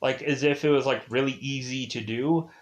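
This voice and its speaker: A man's voice: mid-range voice, fairly even intonation, moderate pace. A man reviewing a TV series in a casual, rambling recap, packed with "like" and "uh" and chuckling at the plot. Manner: rambling, leans heavily on "like" and "uh"; laughs at the plot while recapping. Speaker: TV show reviewer.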